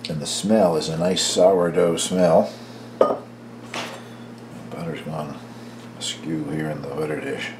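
An older man casually narrating his home baking for a cooking video, chatty and relaxed, tasting as he talks. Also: rumbling low, takes it slowly, pauses often, background noise. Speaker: home baker, channel host.

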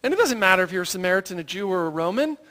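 An animated preacher telling a story from the pulpit, the voice rising and falling widely in a lively, expressive way. The delivery keeps checking in with listeners through rhetorical questions and quick "right?" tags. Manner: acts out quoted voices in a raised pitch. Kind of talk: sermon.

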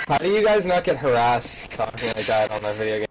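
A man's voice: mid-range voice, sing-song, fast, a little hiss or hum, rough recording. A man in a gaming voice chat, scolding the others in a mock-stern way.

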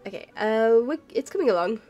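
A woman's voice: a little high, animated, a little fast, dark tone, muffled recording, faint music behind. A tired woman streamer chatting casually while she draws, rambling, apologizing and laughing often. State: tired and yawning. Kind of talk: casual chat while drawing.

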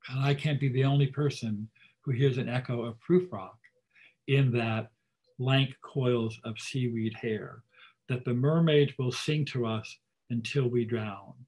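A middle-aged man lecturing on literature at a library talk, in a voice of middling pitch. He slows down and leans into the lines he reads aloud, then relaxes into a chatty, explaining tone between the quotes. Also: darkish tone, low-quality recording.

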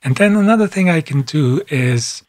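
A man calmly narrating a screen-recorded software tutorial, step by step. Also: on the high side. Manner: calm, step-by-step, unhurried. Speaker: software instructor.

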